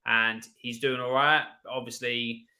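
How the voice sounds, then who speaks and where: A man with a bright, forward voice talks through his club's signings on a casual football stream. He is frank and opinionated, stumbling over repeated words as he builds each point. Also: medium pitch, flat delivery, measured pace. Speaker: panel guest, Spurs fan.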